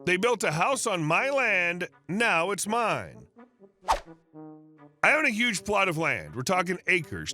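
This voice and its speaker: Guy reading a story out, high bright voice, soft music behind. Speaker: narrator. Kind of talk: scripted story narration.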